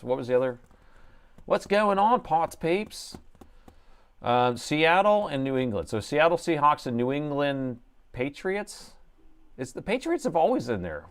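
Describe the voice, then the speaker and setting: A middle-aged man live-streaming a laptop repair, chatting loosely and joking with viewers as he works. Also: mid-range voice. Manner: jokey, reads chat aloud, chatty asides. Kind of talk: casual live-stream chat while working.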